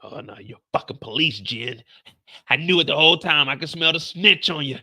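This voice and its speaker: A man's voice: fairly high pitch, lively intonation, moderate pace, sharp tone, exaggerated voice. A man voicing a ruthless female criminal who accuses someone with contempt, close to his own voice. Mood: accusing.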